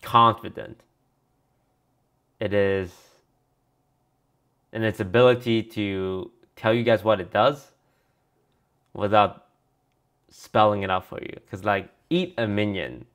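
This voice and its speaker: A man's voice: lowish voice, slow, pauses often, fairly bright tone. A man streaming a card review in casual commentary, reading card text aloud and answering viewers offhandedly.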